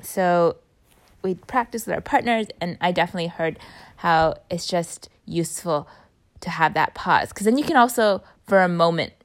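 A young woman chatting casually about a speaking workshop, full of fillers and trailing softly off at the ends. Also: lowish voice, normal speed. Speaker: vlogger recapping a speaking workshop. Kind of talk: casual chat.

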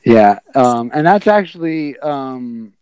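A man hosts a casual trivia podcast, drawing out his questions with halting pauses and chuckles. His voice sits at an average pitch. The recording is dry and close. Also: expressive, darkish tone, smooth, dry recording. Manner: laughing, halting, drawn-out question reading. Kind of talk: casual podcast quiz hosting.

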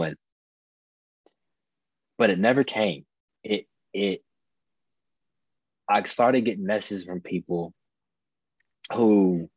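Guy in his 30s talking earnestly about his own story, kinda husky, restarts a lot, dry muffled sound. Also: low-pitched, darkish tone, dry recording. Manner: earnest, candid, frequent restarts and repeated phrases. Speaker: podcast guest. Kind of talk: personal storytelling in conversation.

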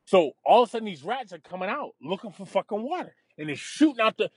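A man telling a story in casual chat, profane and animated. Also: high-pitched, fast, slightly rough, no room sound.

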